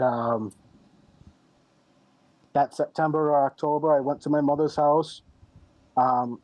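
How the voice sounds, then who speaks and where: A man's voice: a little high, a little mellow, no room sound, rough recording. Candid man telling a story. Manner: candid, rambling, retells dialogue with "I'm like" and frequent ums. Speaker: podcast guest. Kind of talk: personal storytelling in an interview.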